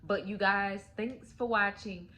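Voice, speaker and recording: A woman's voice: medium pitch, measured pace, fairly bright tone, muffled recording, a little hiss or hum. Chatty woman telling a story. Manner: chatty, filled with "like" and "you guys". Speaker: story time channel host. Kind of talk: casual story time retelling.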